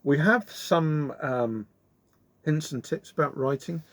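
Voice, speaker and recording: Animated male storyteller, dry close sound. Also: a little high, slow pace, no room sound. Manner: expressive, lively storytelling. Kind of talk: children's story reading.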